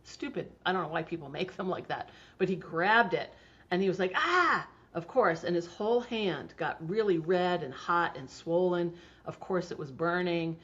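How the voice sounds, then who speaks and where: A middle-aged woman with a slightly low voice tells stories in a relaxed, chatty way and uses plenty of fillers. The recording sounds dull and lo-fi. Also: normal speed. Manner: chatty storytelling, laughs often, frequent fillers. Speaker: homeopathy practitioner, guest. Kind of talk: casual interview talk.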